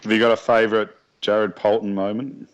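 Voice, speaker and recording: Low-voiced Australian man, dull lo-fi sound. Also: level tone, fairly quick. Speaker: podcast co-host. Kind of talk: casual sports chat. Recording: dull lo-fi recording.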